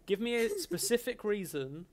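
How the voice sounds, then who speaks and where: A man's voice: high voice, normal speed, a little hiss or hum. A man chatting casually and jokily as host of a live-stream Q&A. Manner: animated, chatty, jokey banter with chat. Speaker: streamer hosting a Q&A.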